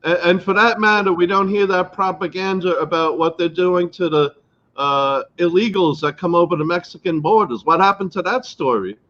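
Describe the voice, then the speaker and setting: A man's voice: high-pitched, normal speed, fairly bright tone, muffled recording. A man chatting as a guest, joking and laughing, with stammered starts. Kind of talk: casual chat.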